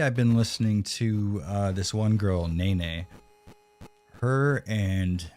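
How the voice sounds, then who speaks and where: With a low-pitched, slightly mellow voice, a streamer plays a retro game live and reads chat. His casual talk is full of sarcastic banter and swearing.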